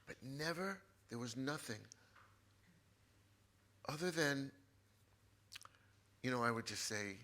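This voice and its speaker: A man's voice: mid-range voice, animated, slow, pauses often, bright, forceful tone. A man, a book author as a guest, telling an emotional personal story in an earnest way and repeating his phrases.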